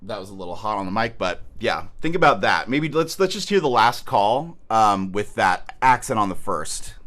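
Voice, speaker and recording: A man's voice: fairly low pitch, sing-song, moderate pace, a bit bright. A man coaching a student in a horn masterclass, talking casually with many "like"s and singing phrases to show them. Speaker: horn teacher.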